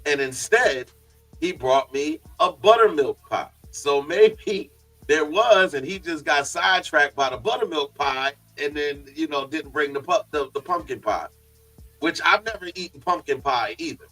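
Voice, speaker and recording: A man in casual chat, expressive and thinking aloud. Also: a little high, measured pace, recorded from a distance, soft background music, poor audio.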